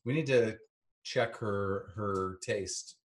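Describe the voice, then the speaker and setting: A man's voice: fairly low pitch, takes it slowly. A middle-aged man co-hosting a casual rewatch podcast, wry and teasing as he recalls working on the show. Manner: wry, teasing, drops into playful mock voices. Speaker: podcast co-host and former series actor.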